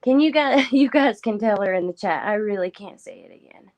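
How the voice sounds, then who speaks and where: A woman's voice: mid-range voice, animated, brisk, lo-fi sound. A woman hosting a casual livestream who is holding back tears. She thanks viewers by name, and her voice often drops to a whisper. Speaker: livestream host. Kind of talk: casual live-stream chat.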